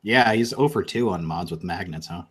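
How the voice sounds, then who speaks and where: Low husky-voiced male host. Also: normal speed. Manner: rambling and profane, many fillers. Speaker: podcast host. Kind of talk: casual live-stream chat.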